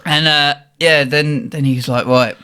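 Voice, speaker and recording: A young man tells a lively story in a casual chat, often breaking into laughter. He acts out the lines of his friends as he goes. His voice sits a little on the higher side. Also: moderate pace. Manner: laughing often, animated anecdote with quoted voices.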